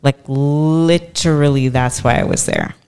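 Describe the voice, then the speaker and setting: On a casual podcast, a woman in her forties tells a long personal story, animatedly acting out what others said. Her bass voice is clean in tone, a little slow, and marked by vocal fry.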